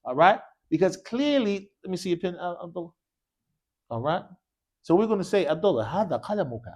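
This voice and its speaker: Animated male Arabic teacher. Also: high voice, brisk. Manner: animated, quizzing the class with repeated "what?" prompts; mixes English with short Arabic phrases. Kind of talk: classroom Arabic lesson with call-and-response drilling. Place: mosque classroom.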